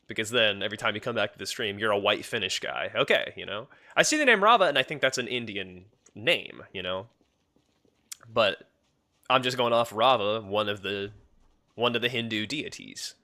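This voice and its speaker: Chatting with viewers during a game stream, a young man rambles casually, talks to chat, and keeps restarting amid plenty of fillers. His voice is on the low side, animated, pushed and bright, at normal speed.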